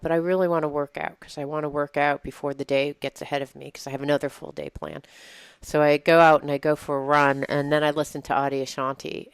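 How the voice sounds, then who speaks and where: A woman in her forties co-hosting a casual talk show, telling a personal story in an animated way and acting out her own inner voice. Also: sits low, clear, resonant tone, no echo. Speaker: podcast co-host. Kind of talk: casual chat.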